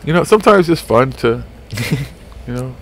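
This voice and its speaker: A man's voice: mid-range voice, expressive, moderate pace, slight background noise. A man hosting a live paranormal radio show, chatting in a rambling, profane, laid-back way. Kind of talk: casual live radio chat.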